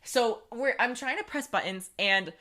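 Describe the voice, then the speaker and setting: Young woman, bright tone, casual podcast chat, animated storytelling, laughs a lot. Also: a little high, a little slow. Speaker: podcast co-host.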